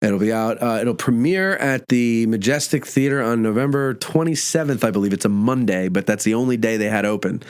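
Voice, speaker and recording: A man's voice: mid-range voice, a little fast, few pauses, smooth. A man on a podcast as a guest and tour guide, rambling through stories in casual chat with lots of fillers. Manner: rambling, animated storyteller with many fillers.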